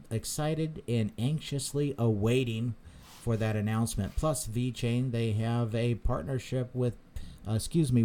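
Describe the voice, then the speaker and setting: A crypto channel host, a man with a mellow, medium-pitched voice, runs a live stream with a little hiss or hum underneath. He chats casually and reads out viewer comments, rambling with lots of fillers and repeated words.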